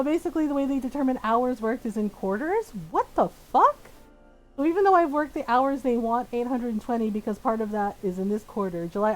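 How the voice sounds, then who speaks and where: A woman's voice: fairly high pitch, darkish tone, poor audio. A woman, ranting and swearing in casual chat as a streamer, laughing often. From Philippines.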